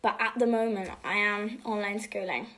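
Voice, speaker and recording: A teenage girl answering fan questions on a home livestream, chatting casually and switching between English and Spanish, sometimes dropping to a soft half-whisper. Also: medium pitch, fairly even intonation, moderate pace. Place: home room.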